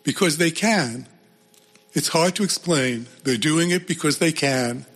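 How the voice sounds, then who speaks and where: A man reading the part of a tired parent who gently breaks bad news to a child, repeating himself in resignation. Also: fairly high pitch, a little slow, pitched above the performer's own voice. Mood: resigned. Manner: resigned, repetitive, apologetic.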